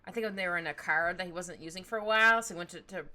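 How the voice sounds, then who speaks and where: A woman chatting casually with her stream while she draws, rambling, giggly and easily excited. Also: fairly low pitch, racing. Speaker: streaming artist.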